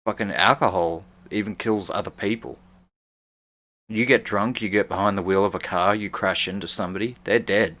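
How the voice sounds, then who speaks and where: A man's voice: on the low side, fairly even intonation, moderate pace, bright, forceful tone. A man co-hosting a casual talk show who argues bluntly and swears. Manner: blunt, profane, argumentative. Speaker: co-host. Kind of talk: casual chat.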